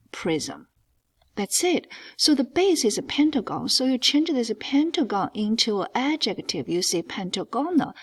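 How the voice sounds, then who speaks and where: Woman math teacher, non-native English accent, unhurried, sing-song emphasis on terms. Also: fairly high pitch, breathy edge. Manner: emphatic, stretches key words, lively ups and downs. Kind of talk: geometry lesson walkthrough.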